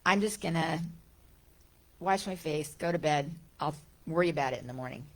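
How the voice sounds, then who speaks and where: A guest speaker in a church sanctuary delivers a conversational spiritual talk to the congregation in a deep voice at a moderate pace. She often voices everyday thoughts aloud and repeats key phrases.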